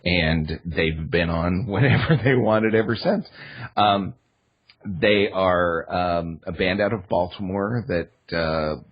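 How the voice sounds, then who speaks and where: A man's voice: low voice, slightly rough, muffled recording. A man on a podcast chatting casually as a guest, rambling with many fillers. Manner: rambling, filler-heavy storytelling.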